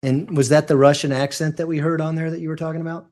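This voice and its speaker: A man's voice: a little high, flat delivery, fast, a little mellow. A man cross-examining a witness in court, pressing his questions insistently and demanding answers. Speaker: prosecutor.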